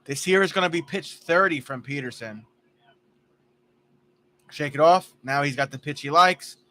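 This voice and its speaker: A man doing casual play-by-play for a fan livestream, chatty and jokey, drifting into stories between pitches. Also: normal speed, sharp tone.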